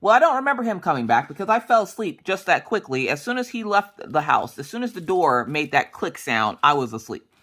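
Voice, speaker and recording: A crafting vlogger in her thirties chats casually as she crafts, her low-pitched, sing-song voice fairly bright and a little fast. She rambles through family stories, acting out the dialogue.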